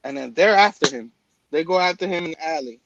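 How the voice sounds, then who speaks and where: High-voiced man hosting a chatty show. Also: lively intonation, fast talker, gravelly, highs cut off, noisy background. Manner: rambling, many fillers and restarts. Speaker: podcast host. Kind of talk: casual chat.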